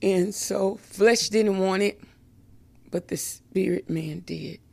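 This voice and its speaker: Woman sharing her testimony, slow and heartfelt, gravelly low voice. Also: a little mellow. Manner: slow and emotional, many "um" fillers, laughs often. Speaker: speaker giving a testimony. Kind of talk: personal faith testimony.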